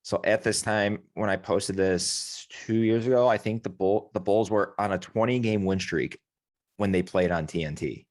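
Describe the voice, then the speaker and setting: A man's voice: on the low side, moderate pace. A man hosting a casual sports podcast, rambling loosely, swearing and correcting himself as he goes. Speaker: podcast host.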